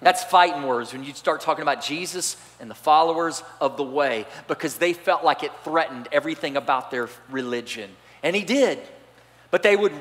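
Guy pastor preaching, gets loud then quiet, highish voice, big echoey church. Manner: animated preaching, swings from loud to soft. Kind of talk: sermon. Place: church sanctuary. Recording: church hall reverb.

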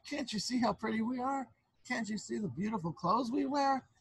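A man's voice: very high-pitched, animated, moderate pace, breathy edge, pitched above the performer's own voice, heavily acted, low-quality recording. A man voicing two proud young sisters in a read-aloud story, boasting and defending themselves. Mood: boastful.

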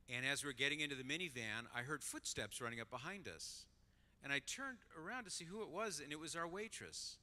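A middle-aged man speaking at a conference, telling a story to an audience and acting out the voices of the people in it. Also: medium pitch. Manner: animated storyteller, acts out voices. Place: large conference hall. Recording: long hall reverb.

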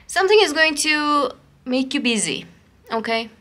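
A woman with a bright, ringing voice, pitched a little high, chats her way through a coffee cup reading. She sounds excited and talks loosely, with plenty of fillers, and keeps checking in with her listeners by asking "okay?". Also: normal speed. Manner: loose grammar, many fillers. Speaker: coffee cup and tarot reader. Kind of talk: casual spoken reading to viewers.

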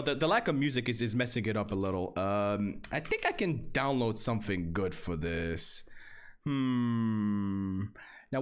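A young man streaming flash games live, excitable and repetitive, swearing often and jumping between flat mutters and sudden high outbursts. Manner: excitable, repetitive, swears, lively swings in pitch. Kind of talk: live game stream commentary.

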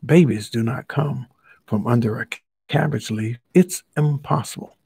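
A man voicing a male lion in a children's story, dismissive and giggly, with a slightly husky voice. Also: mid-range voice, moderate pace, warm tone. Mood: scoffing. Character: laughing, scoffing male lion, sure of himself.

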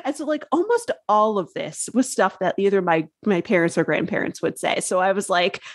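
A woman's voice: medium pitch, expressive, moderate pace, no echo, studio quality. A woman author guesting on a podcast interview, chatty and rambling, leaning on "like" and laughing often.

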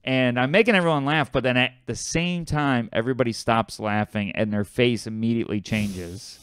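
A man's voice: medium pitch, normal speed, a bit bright, smooth. A man co-hosting a podcast, telling a story in casual chat and acting out the people in it. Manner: storytelling, riffing with quoted voices. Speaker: podcast co-host.

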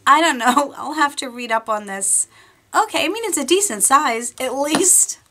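A middle-aged woman vlogging casually as she unboxes a beauty box, chatty, excitable and rambling. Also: high-pitched, moderate pace.

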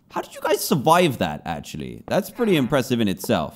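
A man's voice: fairly low pitch, very animated, fairly quick, hardly any pauses, darkish tone. A man giving gameplay commentary, scolding and pleading with the characters in his game. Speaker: gaming video host.

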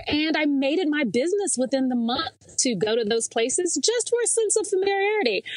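Female guest from the American South, expressive storyteller, slightly high voice, dry close recording. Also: dry recording, rough recording. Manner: animated storyteller, acts out quoted dialogue. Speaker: interview guest. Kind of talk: storytelling in a podcast interview.

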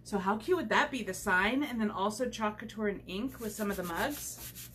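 A woman's voice: mid-range voice, moderate pace, a bit bright, a little hiss or hum. A woman chatting casually while demonstrating a craft on a livestream, rambling with many fillers, recorded at home on the camera mic.

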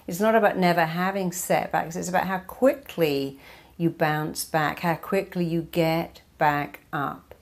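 A woman therapist speaks in a fairly low register, giving a motivational talk. She is emphatic and drives her points home with repeated lists. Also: steady tone, unhurried.

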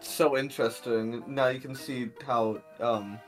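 A man's voice: mid-range voice, fairly even intonation, unhurried, music in the background. A man co-hosting a game playthrough, chiming in with teasing, laughing remarks. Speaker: co-host. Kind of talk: casual gameplay commentary.

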